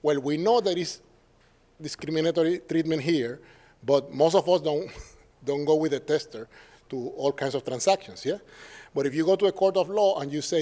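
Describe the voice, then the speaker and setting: Puerto Rican man lecturing with a lively voice. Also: on the high side, normal speed. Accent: Puerto Rican Spanish. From Puerto Rico. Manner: lively and conversational, tag questions, acts out quoted dialogue. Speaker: professor giving a symposium talk. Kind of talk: academic lecture.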